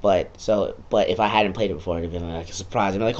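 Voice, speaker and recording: A man's voice: deep voice, steady tone, fast, a little mellow, lo-fi sound. Sarcastic, profane young-sounding man recapping a game. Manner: sarcastic, profane, jumps into quoted voices. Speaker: video game vlogger.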